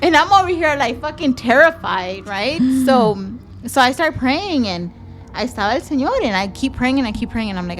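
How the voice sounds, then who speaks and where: A young woman with a Texan accent, co-hosting a podcast and telling a story in casual chat, animated, swearing freely and slipping into Spanish phrases. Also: a little high, normal speed, a little hiss or hum. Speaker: podcast co-host.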